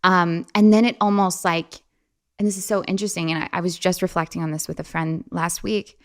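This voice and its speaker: A young woman guesting on an interview talks fairly quickly and casually, full of animation. Her quotes frequently come in a playful high voice.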